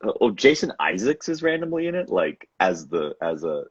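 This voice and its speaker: A man's voice: low-pitched, sing-song, normal speed, breathy edge, dry recording. A man co-hosting a podcast in casual chat, rambling with restarts and laughing often. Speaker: podcast co-host. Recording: dull lo-fi sound.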